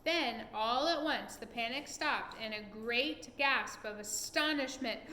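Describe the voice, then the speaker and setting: A woman reading a children's book aloud at home, expressive and animated. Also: on the high side, a little slow, reverberant, a little hiss or hum.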